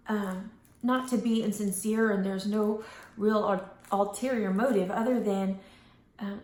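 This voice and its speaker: A woman talking casually to camera in a vlog, rambling a little and losing her thread now and then. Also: medium pitch. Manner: rambling, loses her thread, acts out quoted voices. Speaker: vlogger. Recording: roomy echo.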